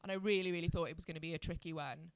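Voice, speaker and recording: A woman's voice: lowish voice, rapid-fire, smooth, dry recording. A woman in her thirties from Wales, a stand-up comedian, telling stories in casual podcast chat with frequent laughter. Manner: animated storyteller, laughs often.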